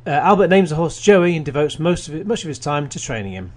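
Here the radio film host sounds a little high and sing-song, and he talks fast. He casually reads out plot summaries, adds wry asides, and often begins sentences again.

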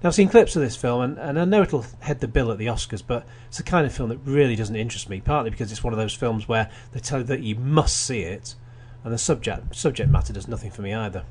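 A man's voice: medium pitch, quick pace, hardly any pauses, a little mellow, slightly rough. A man hosting a radio film show, reading plot summaries with wry asides and frequent restarts. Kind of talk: casual radio film review.

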